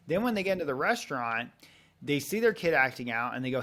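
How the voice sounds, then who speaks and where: A man in his thirties talks through a parenting method on a podcast with a middle-of-the-road voice. He is earnest and lays out his steps clearly. He often slips into short acted examples of a parent talking to a child. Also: medium pitch, expressive, fast, sharp tone. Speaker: parenting coach guest. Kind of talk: podcast interview conversation.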